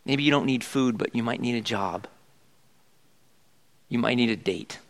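A man's voice: mid-range voice, normal speed, gravelly. A middle-aged man preaching a sermon in a conversational way, asking the congregation questions as he goes. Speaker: pastor.

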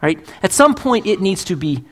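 A man's voice: high-pitched, sing-song, moderate pace. A man preaching a sermon in a church as pastor, emphatic and full of rhetorical questions. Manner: emphatic, asks rhetorical questions, acts out quotes.

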